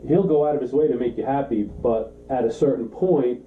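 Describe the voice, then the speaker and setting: A man's voice: medium pitch, a little fast, slight background noise. A man co-hosting a podcast, chatting casually and acting out quotes as he tells stories. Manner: animated storyteller, acts out quotes. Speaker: podcast co-host, car shop owner. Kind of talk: casual chat, storytelling. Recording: roomy, slightly dull sound.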